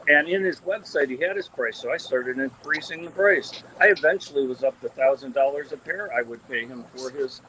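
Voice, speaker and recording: A man's voice: mid-range voice, a little fast, hardly any pauses, bright, forceful tone, slight background noise, low-quality recording. A man breeding fish, chatting casually on a live video call as he tours his tanks, rambling with lots of ums and restarts. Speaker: fish breeder giving a tank tour. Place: indoor fish room among aquarium tanks. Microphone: camera mic on a live video call.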